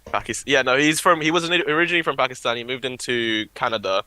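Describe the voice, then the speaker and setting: A British man co-hosting a trading livestream, chatting casually and joking with a quick laugh. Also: mid-range voice, pushed and bright, clean tone, rough recording. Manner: laughs often, joking banter. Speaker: livestream co-host.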